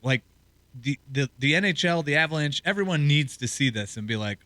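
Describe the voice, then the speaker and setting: A man co-hosting a sports talk show as a hockey reporter, talking in a loose, rambling way with a hoarse, scratchy throat. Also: fairly high pitch, animated, a little fast, bright, forceful tone, dry recording. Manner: loose, rambling conversational delivery.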